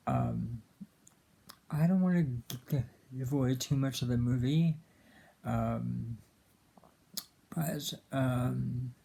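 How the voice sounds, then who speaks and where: A man giving a casual, earnest film commentary, halting often with fillers and restarts. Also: medium pitch, vocal fry, mellow, husky. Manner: earnest and emotional about the film.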